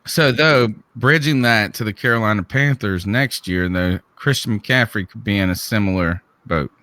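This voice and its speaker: A man with a Southern drawl chats about sports in a bright, forward voice. He talks in loose, searching sentences full of rhetorical questions. The sound is dry and close. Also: on the low side, normal speed, no echo. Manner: conversational, prone to restarts and rhetorical questions. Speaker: podcast co-host. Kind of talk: casual sports talk.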